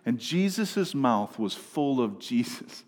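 A man in his thirties preaching a sermon as a pastor, emphatic, dropping low and then rising loud. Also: big pitch swings, slow pace. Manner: emphatic preaching, swings between hushed and raised. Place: church sanctuary. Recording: church hall reverb.

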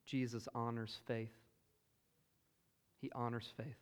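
A man with a Southern US accent preaching a sermon, earnest and emphatic, moving between loud exclamations and hushed asides. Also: medium pitch, little pitch movement, takes it slowly. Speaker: pastor. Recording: long hall reverb.

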